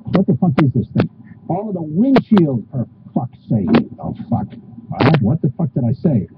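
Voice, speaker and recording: A man's voice: on the high side, big pitch swings, moderate pace. A man presenting a product video who keeps forgetting his lines and swears constantly out of exasperation. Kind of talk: blown takes from a product video shoot. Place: on a hot video set with flies around. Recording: dull lo-fi old video with loud hiss.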